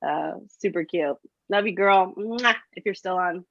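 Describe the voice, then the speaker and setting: Middle-aged mom co-host, upbeat pep talk, lowish voice, kinda muffled. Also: female voice, a little slow, fairly bright tone. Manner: upbeat, encouraging, many fillers. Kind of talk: casual motivational chat. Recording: dull dry lo-fi sound.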